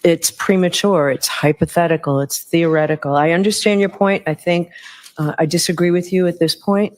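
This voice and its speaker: A judge in a courtroom who speaks in a measured, firm and deliberate way while ruling on counsel's requests. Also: medium pitch, fairly even intonation.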